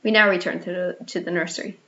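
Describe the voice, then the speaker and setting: A woman narrating a children's storybook in an expressive reading voice, with small restarts. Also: on the low side, fast talker. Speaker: audiobook reader. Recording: slightly muffled lo-fi audio.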